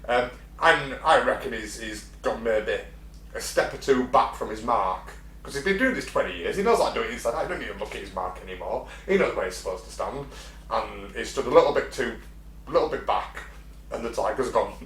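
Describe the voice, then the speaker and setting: A man's voice: medium pitch, animated, fairly quick, a bit bright. Swearing man in an echoey room. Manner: swearing, laughing, acts out animal voices. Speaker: podcast co-host. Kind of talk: casual chat. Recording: echoey room with faint hum.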